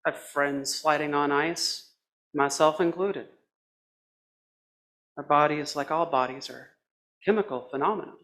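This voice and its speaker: A man preaching a sermon as a minister, with a measured, reflective delivery in short phrases. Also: a little high, fairly bright tone.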